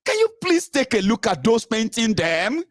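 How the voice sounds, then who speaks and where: A man's voice: extremely high pitch, normal speed, dry recording, studio quality. A Nigerian-accented man ranting through political commentary for his vlog, mixing pidgin into his English. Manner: animated, mixes pidgin into English.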